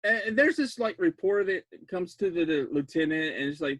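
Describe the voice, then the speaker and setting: Man, high voice, dry close sound, rambling, giggly, excitable film recap. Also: moderate pace, slightly rough, dry recording. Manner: rambling, laughs often, restarts words; jumps to loud disbelief. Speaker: podcast host recapping a film.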